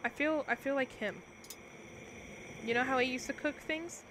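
A young woman chats playfully through a cooking game stream in a fairly high voice. She speaks straight to her viewers while she plays, and a steady noise runs under the recording. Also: moderate pace, rough recording. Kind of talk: casual gameplay commentary.

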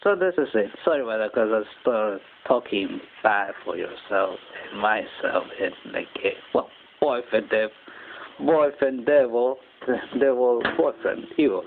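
A man from Japan, rambling through a personal story in halting English with many restarts. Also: lowish voice, lively intonation, vocal fry. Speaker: channel host. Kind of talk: casual personal monologue. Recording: tinny phone-quality audio with faint noise.

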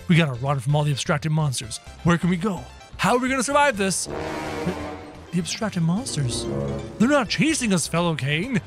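A gaming channel host with a high, lively voice gives quick, excitable running commentary on a game, yelping at the action on screen. His pitch leaps around as he talks to viewers, with soft music playing in the background.

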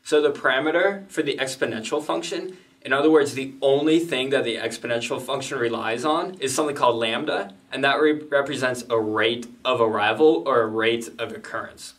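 A statistics teacher gives an explanatory lesson in a plain, methodical way with casual asides. His medium-pitched voice is fairly bright and a little fast, and the mic sounds slightly distant.

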